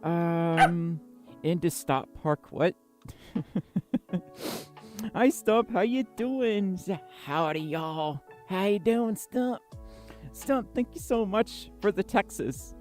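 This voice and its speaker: Chatty, lively woman streamer. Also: on the low side, very slow, soft background music. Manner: chatty, scattered, laughs often. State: tired. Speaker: livestream host. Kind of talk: casual livestream chat with viewers.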